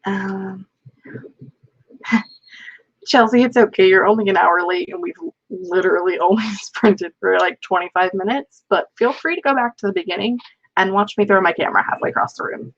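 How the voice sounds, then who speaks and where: A woman's voice: medium pitch, normal speed. A woman hosting a live writing stream alone, rambling and poking fun at herself as she chats with viewers. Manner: rambling, self-mocking, talks to chat. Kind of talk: casual live-stream chat. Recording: slightly dull lo-fi stream audio.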